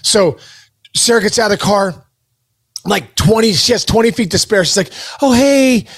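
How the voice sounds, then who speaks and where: A man co-hosting a podcast, telling an animated story full of dude and bro, acting out the voices of the people in it. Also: sits high, a little fast, creaky, husky. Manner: excitable, says dude and bro a lot. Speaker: podcast co-host.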